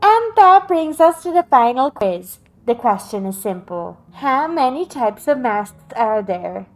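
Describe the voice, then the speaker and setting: Prim high-voiced museum guide. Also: female voice, sing-song, exaggerated voice, low-quality recording. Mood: formal. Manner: formal, measured and courteous. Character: polished female museum guide hosting a quiz. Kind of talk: video game voice acting.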